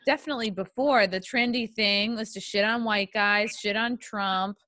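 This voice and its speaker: Bright-voiced woman hosting a podcast. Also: mid-range voice, fairly even intonation, normal speed, no echo, clean studio sound. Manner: candid, opinionated, talks it through with fillers. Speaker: podcast host. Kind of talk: casual podcast chat.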